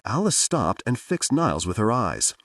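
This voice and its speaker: A man narrating a thriller audiobook in a measured storytelling manner. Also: mid-range voice, very animated, fairly bright tone, no room sound. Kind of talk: scripted narration. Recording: dry, distant-miked.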